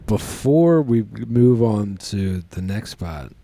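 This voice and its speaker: A man's voice: fairly low pitch, animated, mellow, dry recording. Jokey man chiming in. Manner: jokey, quick interjections. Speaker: podcast co-host. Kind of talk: casual chat.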